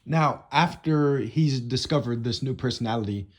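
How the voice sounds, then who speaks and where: A man's voice: mid-range voice, normal speed. A teenage boy telling a casual storytime monologue, rambling with lots of "you know" and "like" fillers. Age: teens.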